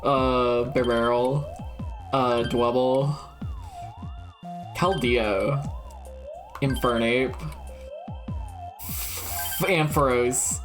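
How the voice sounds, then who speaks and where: Super deep-voiced young woman streaming a quiz game, slow drawl, cusses a lot, faint music under her. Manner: profane, blurts out guesses, laughs at herself. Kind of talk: casual gameplay commentary.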